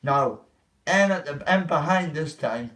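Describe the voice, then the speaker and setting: The man sounds a little high and a bit bright, with lively intonation but a slightly slow pace. Telling his livestream viewers a story, the vlogger rambles, swears and acts out others' lines, his voice a bit far from the mic.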